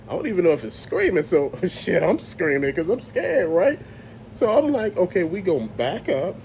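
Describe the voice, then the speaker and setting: Animated man telling a creepy tale. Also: high voice, slight background noise. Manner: animated, profane, acts out voices and sounds. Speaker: storyteller host. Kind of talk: casual spoken storytelling.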